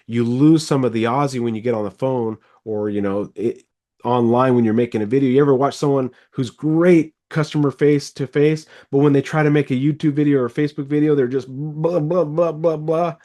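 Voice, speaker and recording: A middle-aged man coaching a car salesman over a video call in a casual, animated way. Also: mid-range voice. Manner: animated, rambling, quick bursts. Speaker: sales trainer, podcast host.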